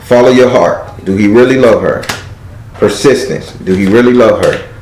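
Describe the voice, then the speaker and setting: A man's voice: fairly low pitch, normal speed, a little mellow, reverberant, a little hiss or hum, low-quality recording. A man doing a live tarot reading, giving blunt, profane advice and acting out the lines he quotes. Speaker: tarot card reader.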